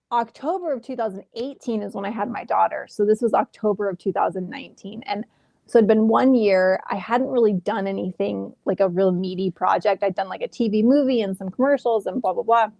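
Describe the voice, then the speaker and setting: Creaky-voiced woman telling a story. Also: mid-range voice, moderate pace, no room sound. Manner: animated, acts out quoted exchanges. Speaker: actress guest. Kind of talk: casual interview storytelling. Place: home.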